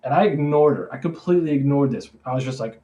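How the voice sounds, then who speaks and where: A man's voice: medium pitch, fast, dark tone, lo-fi sound. A young man co-hosting a podcast, telling a story in a rambling, casual way full of "like" and self-corrections. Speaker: podcast co-host.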